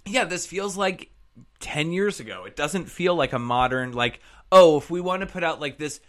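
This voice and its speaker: Animated guy chatting on a podcast. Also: fairly high pitch, moderate pace. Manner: chatty, swearing, lots of fillers and jokes. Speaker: podcast co-host. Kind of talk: casual chat about a TV episode.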